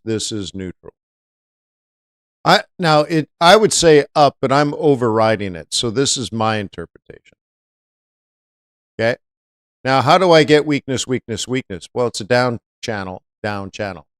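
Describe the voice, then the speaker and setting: A man's voice: medium pitch, expressive, unhurried, clean tone, no echo, clean studio sound. A man hosting a live-stream trading lesson, chatty, often asking viewers rhetorical questions. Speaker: trading educator.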